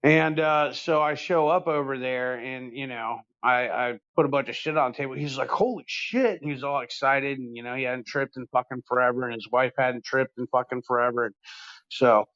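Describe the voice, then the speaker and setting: A man of middle pitch chats on a podcast, wandering through a long anecdote with plenty of swearing and filler. He sounds easygoing and loose. The recording is a bit dull and lo-fi. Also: little pitch movement, moderate pace, a bit bright. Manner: rambling, profane, laid-back. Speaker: podcast host. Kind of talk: casual storytelling chat.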